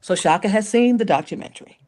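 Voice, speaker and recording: A woman, a guest singer, chatting in an interview and telling animated stories. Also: mid-range voice, quick pace. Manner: animated storyteller, acts out quotes. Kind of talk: casual interview chat.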